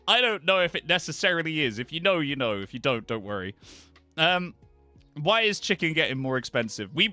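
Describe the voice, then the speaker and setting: A British man with a high, pushed, bright voice chats casually on a live stream, and there is no echo. He is playful and rambling, often trailing off into mumbles.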